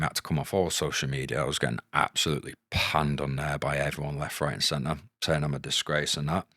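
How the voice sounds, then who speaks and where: Very deep-voiced man, candid. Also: a bit bright, no echo, clean studio sound. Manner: frank, casual, swears freely. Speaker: podcast guest, former footballer. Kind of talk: candid storytelling.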